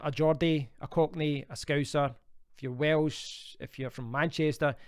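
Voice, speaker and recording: A man's voice: a little high, clear, resonant tone, no room sound, studio quality. A Scottish man in his thirties, hosting a casual live stream from home and chatting as he answers viewer comments. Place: home in Spain.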